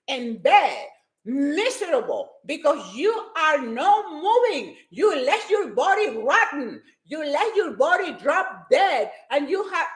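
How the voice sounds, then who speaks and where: A woman's voice: sits high, echoey room. A woman giving a hyper, emphatic motivational talk to her live-stream viewers, repeating her points with force.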